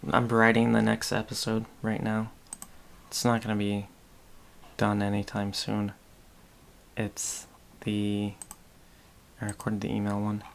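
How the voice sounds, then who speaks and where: A man's voice: on the low side, gravelly, a little hiss or hum. A man with a Boston accent, a podcast host rambling distractedly and muttering to himself while he works on a casual livestream.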